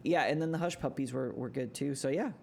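A man's voice: mid-range voice, fairly quick, gravelly, a little mellow, slight background noise. A man co-hosting a sports podcast, chatting casually and hesitantly with many restarts. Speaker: podcast co-host. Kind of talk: casual chat.

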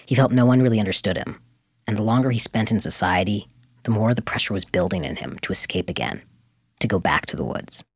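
A man narrating a scripted story for a podcast in a measured, composed way. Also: on the low side, breathy edge, no echo, studio quality.

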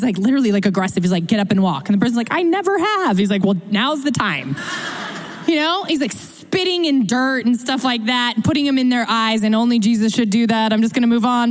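Animated woman pastor preaching in a hall. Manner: animated, conversational, acts out quotes with big pitch jumps. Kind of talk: sermon. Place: church. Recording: church hall reverb.

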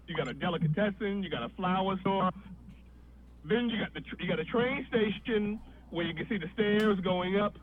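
Man, animated comic storyteller, high voice, tinny phone-like sound. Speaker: guest comedian. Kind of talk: storytelling on a podcast. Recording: tinny phone-like line with faint noise.

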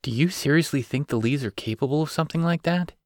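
A man voicing a weary, protective single father who talks in a gentle, low-key way. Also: fast talker, dry recording, studio quality, natural voice. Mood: firm.

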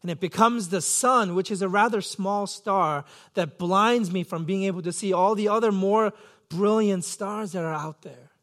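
A man's voice: sits high, fairly bright tone. A man preaching a sermon as pastor, earnest and self-questioning, acting out his own pleading thoughts.

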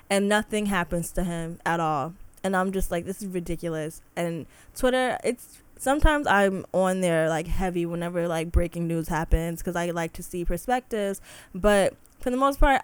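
A woman's voice: on the low side, clean tone, dry recording. A young woman hosting a solo podcast, talking in an impassioned, heated way full of "like" fillers. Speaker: podcast host. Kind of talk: casual solo podcast rant.

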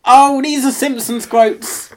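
A man's voice: very high voice, steady tone, slow pace. A man co-hosting a podcast in casual chat, teasing and laughing often. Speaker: podcast co-host.

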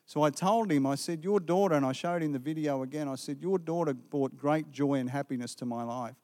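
A man preaches in a church, earnest and story-driven, acting out both sides of a conversation. His voice sits somewhat high for a man. A long reverb trails every phrase through the hall. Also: a little fast. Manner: earnest, retelling dialogue with lively quoted exchanges. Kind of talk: sermon testimony storytelling. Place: church sanctuary.

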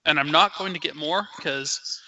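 A man's voice: fairly high pitch, moderate pace, bright, forceful tone, poor audio. A man co-hosting a casual sports podcast, speaking bluntly and dryly. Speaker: podcast co-host.

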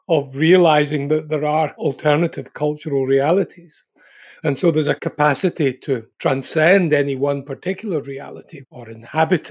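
A man's voice: on the high side, a little mellow. A man speaking in a reflective conversation, thoughtful and articulate, building his ideas in long, careful sentences.

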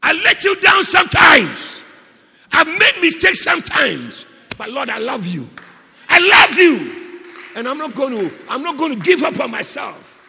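A man's voice: extremely high pitch, lively intonation, fairly quick, vocal fry, a bit bright, in a large hall, full character voice. A man preaching, acting out a remorseful disciple who cries out how much he loves his master. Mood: fervent. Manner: fervent, crying out. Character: remorseful, devoted male disciple, grown man.

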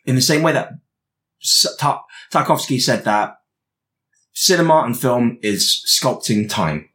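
Male podcast co-host, lively pitch, analytical, talky with lots of ums. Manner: animated, analytical, many restarts and fillers. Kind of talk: casual chat.

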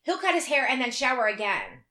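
A woman's voice: sits high, wildly swooping pitch, a little fast, bright, forceful tone, echoey room. A woman chatting casually on a podcast in a blunt, joking manner with frequent swearing. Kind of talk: casual chat.

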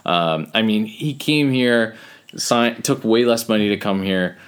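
Casual podcast co-host, a man with a deep voice, rambling and chatty, laughs easily. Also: unhurried, clean tone. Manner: rambling, many fillers, laughs often. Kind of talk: casual chat.

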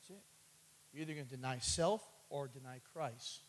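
A man preaching a sermon, calling out "amen" and "catch this" as he builds from quiet asides to loud, high passages. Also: moderate pace, slight background noise, poor audio. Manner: calls for response with "amen" and "catch this".

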